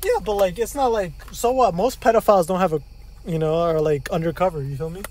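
A man's voice: high-pitched, fast, a little mellow. A young man co-hosting a podcast in casual chat, laid-back and slangy, saying bro a lot. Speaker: podcast co-host.

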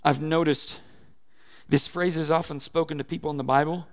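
A man preaching a sermon as pastor, animated, moving between loud and soft. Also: a little high, normal speed.

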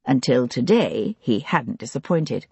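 Lady reading an audiobook, low husky voice, lots of pitch swings, dry close sound. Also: lively intonation, a little slow, a little mellow, dry recording. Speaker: audiobook narrator. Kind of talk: scripted narration of a historical mystery.

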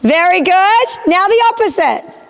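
Woman riding instructor in an arena, really high voice, keeps asking if it makes sense and cheering her on. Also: animated, measured pace, vocal fry. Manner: encouraging, checks understanding often. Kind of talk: live coaching of a rider.

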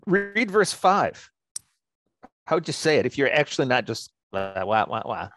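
A man's voice: mid-range voice, expressive, fast talker, a bit bright, dry recording. Middle-aged man, professor, dry humor, casual scripture chat, dead-dry close sound, video call. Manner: dry, self-deprecating humor. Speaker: seminary professor, podcast co-host.

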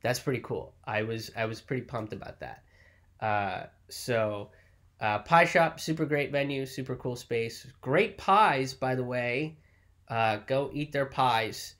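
A man's voice: mid-range voice, unhurried, fairly bright tone. Candid, rambling male comedian vlogging. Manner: rambling and candid, with lots of fillers and swearing. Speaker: touring comedian. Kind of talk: casual reflective vlog talk.

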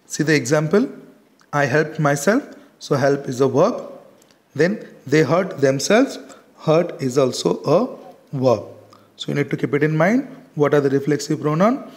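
A man teaching a grammar lesson, stressing example words and checking in with "correct?" again and again. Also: on the high side. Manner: repeats "correct?" and "got it?" often, stresses example words slowly.

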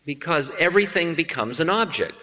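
A man delivers a spiritual talk with a bright, ringing tone and a pitch that moves freely up and down. He is playful and self-mocking, and he acts out small scenes as he goes. His voice carries a long hall reverb. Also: lively intonation, a little fast, muffled recording. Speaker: spiritual teacher.

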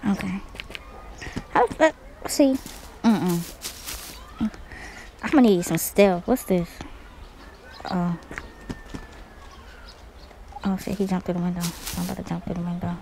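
A woman giving live commentary on a horror game, excitable and cursing, yelling when frightened. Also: fairly low pitch, measured pace, pauses often, slight background noise. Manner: talks to herself and the viewers. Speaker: gaming video host. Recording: clear music playing behind.

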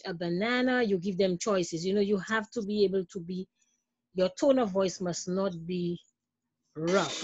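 A woman in a training class explaining childcare in a halting way, using examples. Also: medium pitch, darkish tone, breathy edge, lo-fi sound. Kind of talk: answering in a group training call.

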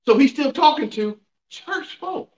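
The pastor's voice is extremely high and animated, though his pace stays measured. He preaches emphatically to his Bible class in a church sanctuary, drawing the congregation into call-and-response and rhetorical questions, recorded roomy and dull on a distant mic.

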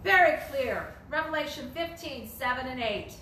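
With a high, animated voice, a sharp tone and a normal pace, a woman teaches Bible study in an echoey room where a little hiss or hum can be heard. Her delivery is emphatic and repetitive, full of rhetorical questions.

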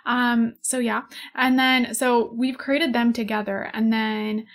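A woman's voice: fairly high pitch, level tone, takes it slowly. A young woman in her twenties chatting casually over gameplay, rambling, giggling and gushing over cute animals. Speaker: gaming YouTuber. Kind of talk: casual let's-play chat.

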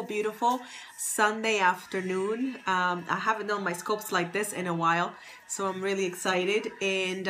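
Woman, casual live-stream host, bright tone, chatty and upbeat, welcomes viewers by name. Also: mid-range voice. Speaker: livestream host, fashion stylist and confidence coach. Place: at home near Boston. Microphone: phone.

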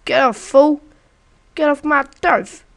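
A woman putting on a loud swaggering street tough. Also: slow, creaky, exaggerated voice. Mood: taunting, angry. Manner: loud, high and taunting, calling others fool. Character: swaggering trash-talking tough, guarding her turf.

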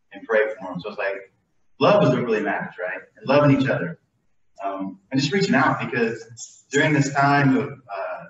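A man's voice: fairly low pitch, fairly bright tone, slight background noise. Rambling man talking in a roomy echo. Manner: rambling and conversational, many fillers and restarts. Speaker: lay speaker leading communion. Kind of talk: informal devotional talk. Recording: distant, muffled mic in an echoey room.

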